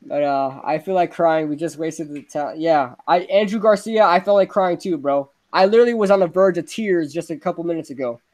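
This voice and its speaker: A young man with a high voice hosts a casual sports podcast. He rants about football with excitable energy and laughs often. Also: fairly quick, hardly any pauses. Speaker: podcast host.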